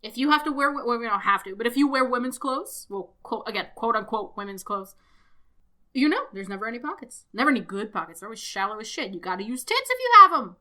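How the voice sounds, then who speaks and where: A woman with a bright, forceful voice that sits a little high. She co-hosts a podcast in loose, animated chat, full of swearing and quick self-corrections. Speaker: podcast co-host. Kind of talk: casual chat reviewing a cartoon.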